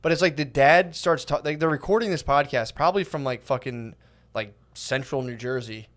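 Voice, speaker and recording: A podcast co-host tells a story in loose, rambling comic chat, cursing freely and restarting sentences as he goes. His voice sits at a middle pitch for a man. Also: moderate pace, fairly bright tone. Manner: rambling, profane, with frequent fillers and restarts. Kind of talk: casual comedic chat.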